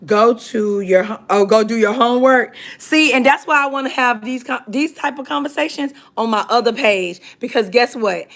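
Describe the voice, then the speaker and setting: A woman's voice: fairly high pitch, normal speed, creaky, hardly any pauses, a bit bright. A woman hosting a livestream, chatting casually with viewers and reading out their comments in a chatty, emphatic way. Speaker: livestream host.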